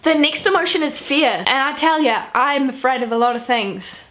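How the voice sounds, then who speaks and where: A woman's voice: high-pitched, lively intonation, moderate pace, a bit bright. A young woman from New Zealand telling personal stories to camera in a chatty, self-mocking way. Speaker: vlogger. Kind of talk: casual storytelling to camera.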